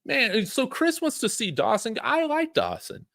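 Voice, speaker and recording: A man's voice: very high voice, a little slow, gravelly, no echo, studio quality. A man hosting a live sports stream, chatting casually, reading viewer messages and rambling with fillers. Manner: relaxed, rambling, frequent fillers and chuckles. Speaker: sports channel host.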